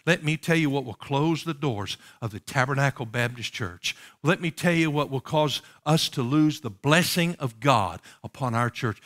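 A medium-pitched male pastor gives an impassioned sermon, going from loud, emphatic exhortations to hushed pleas while questioning the congregation rhetorically.

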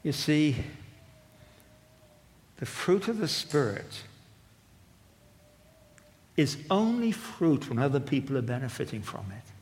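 A man preaching a sermon, moving between loud proclamation and quiet asides. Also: a little high, very animated, slow pace, long pauses. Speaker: pastor. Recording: long reverb of a large hall.

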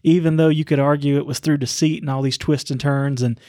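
A man casually retelling a Bible story to his father, pausing often with "uh" and repeating words as he goes. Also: on the high side, fairly even intonation, mellow, dry recording, studio quality. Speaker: son discussing scripture with his father.

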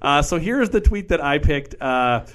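Man, podcast host, casual comedic chat, somewhat high, lively pitch. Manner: leads the talk, quick and playful, halting restarts.

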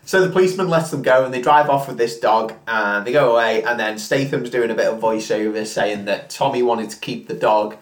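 A man's voice: mid-range voice, a little fast, hardly any pauses, roomy sound. A man casually retelling a film plot in a rambling, sweary way, full of fillers. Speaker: podcast co-host retelling a film. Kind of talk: casual drunken chat.

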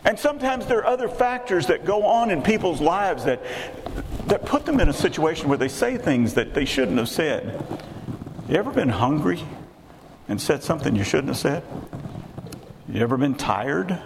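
Older preacher, chatty sermon, lots of questions to the crowd, echoey hall, hiss behind. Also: male voice, on the high side, big pitch swings, normal speed, creaky. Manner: conversational, asks the congregation rhetorical questions.

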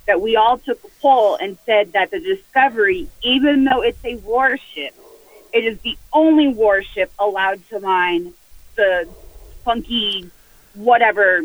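A man's voice: high voice, fairly bright tone, no room sound, low-quality recording. A man joining a casual livestream chat, politely explaining a point. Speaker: stream guest.

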